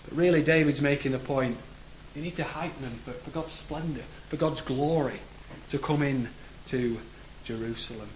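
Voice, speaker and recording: A man preaching a sermon in a church, earnest, rising to emphatic declarations and letting phrase ends fall low. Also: normal speed, hardly any pauses. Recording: echoey room with faint background noise.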